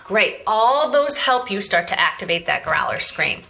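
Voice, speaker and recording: A woman's voice: medium pitch, big pitch swings, moderate pace, creaky, bright, forceful tone. A woman vocal coach giving a lesson, explaining technique and prompting her student to repeat after her. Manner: directive, demonstrates growls and coaxes the student. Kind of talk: instructional demonstration.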